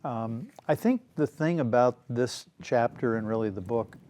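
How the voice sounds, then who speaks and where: A man hosting a casual book discussion, talking in a relaxed, rambling way with frequent fillers and some throat clearing. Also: medium pitch, normal speed. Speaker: show host.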